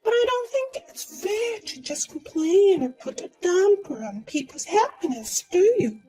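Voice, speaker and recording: Smug taunting young woman, put on by a woman narrator, sing-song mockery, high lively voice, slow delivery. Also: rough recording. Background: faint music.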